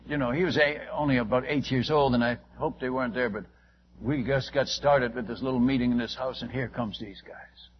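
A man's voice: medium pitch, breathy edge, lo-fi sound. An older man, a missionary preacher, telling a story in a sermon with earnest, self-mocking candor.

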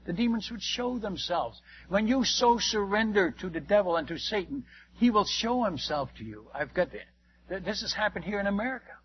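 An older man, a missionary preacher, telling stories in a sermon, animated and acting out the dialogue with frequent restarts. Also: sits high, a little fast, breathy edge, highs cut off. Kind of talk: sermon storytelling.

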